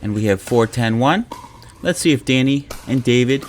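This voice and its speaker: A man giving casual play-by-play commentary on amateur game footage, calling scores and chuckling often in a relaxed, joking way. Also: medium pitch, normal speed, a little hiss or hum. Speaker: pickleball commentator.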